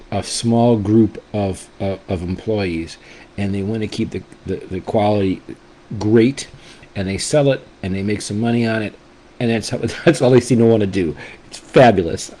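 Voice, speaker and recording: Low, mellow-voiced enthusiastic man. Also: fairly even intonation, moderate pace, a little hiss or hum, poor audio. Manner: enthusiastic and rambling, with frequent restarts. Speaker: whisky reviewer and channel host. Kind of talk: casual tasting review.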